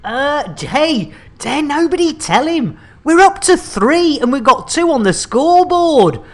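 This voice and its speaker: A man's voice: very high-pitched, sing-song, unhurried. A man streaming a space game, rambling and joking with repeated catchphrases. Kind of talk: live-stream commentary.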